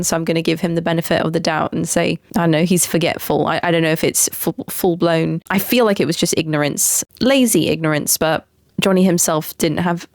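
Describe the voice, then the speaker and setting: A woman's voice: fairly low pitch, darkish tone, no room sound, studio quality. A woman hosting a solo podcast, talking enthusiastically in a chatty way, with many fillers and restarts. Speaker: podcast host. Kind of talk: casual solo podcast commentary.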